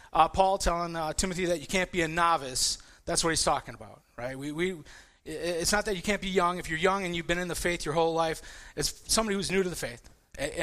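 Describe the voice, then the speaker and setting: A man with a fairly high, bright voice preaching in a relaxed, conversational way. He stumbles and repeats words as he goes and livens up as his personal stories unfold. He sounds about forty. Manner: repetitive restarts, animated storytelling. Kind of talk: casual sermon with personal stories.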